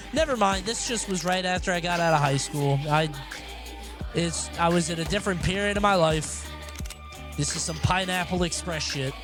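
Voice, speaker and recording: A young man streaming and chatting casually, rambling and swearing offhandedly. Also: a little high. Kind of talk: casual live-stream chat. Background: faint music.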